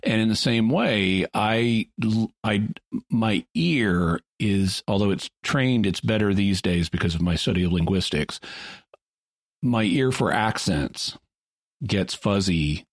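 A man with a very low voice talks through a point in a relaxed podcast chat. He explains at length, often stopping to rephrase as he goes. The sound is dry and close. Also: slow, no room sound. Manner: thoughtful, explanatory, with restarts. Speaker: podcast co-host. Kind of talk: casual discussion. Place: lives in the Ozarks.

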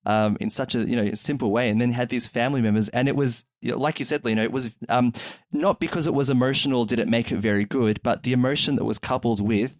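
Man, podcast host, chatty, lots of ums, mid pitch, dry close mic. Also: fairly even intonation, quick pace, hardly any pauses, no room sound. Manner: chatty, retells events with quoted voices, many fillers. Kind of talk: casual chat.

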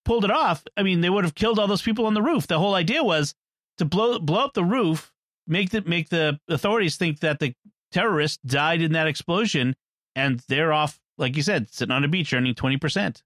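A man with a voice sitting a little high for his sex talks through a film in a casual, chatty way. He laughs often and restarts sentences mid-thought. The sound is dry and close, with no room around it. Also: expressive, brisk, fairly bright tone, dry recording. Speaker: podcast co-host. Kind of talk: casual movie discussion.

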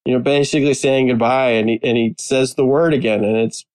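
A man chatting casually as a panelist, animated and amused as he retells favorite scenes. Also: mid-range voice, fairly quick, rough recording. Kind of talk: casual chat.

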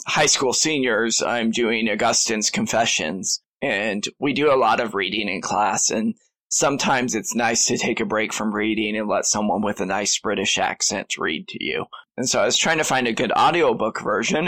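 A man's voice: on the low side, a bit bright, poor audio. A man who is a priest and teacher, explaining a recommendation in a hesitant way with many fillers. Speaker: priest and high school teacher. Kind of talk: casual panel chat.

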